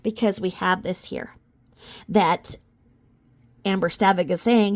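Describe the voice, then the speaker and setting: A woman's voice: mid-range voice, fairly even intonation, slow pace, pauses often. A woman commentator reading court filings aloud in a casual way, with sarcastic, mocking asides and sudden outbursts.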